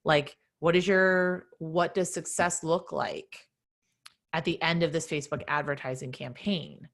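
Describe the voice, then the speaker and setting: A middle-aged woman answering questions in live online office hours, direct and energetic like a coach. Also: sits low, measured pace. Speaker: nonprofit fundraising consultant.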